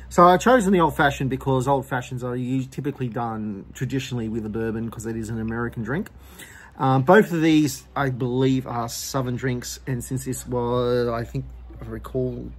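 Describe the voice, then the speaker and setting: A man hosting his own whisky channel. He gives casual tasting commentary at home and talks in a relaxed, hesitant way with frequent ums. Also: medium pitch.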